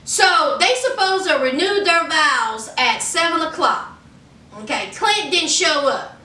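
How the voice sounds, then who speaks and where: A woman's voice: sits high, slow, reverberant, far from the mic, a little hiss or hum. A woman talking casually and sassily to her viewers as she recaps a reality show episode. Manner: animated, sassy, talks straight to viewers.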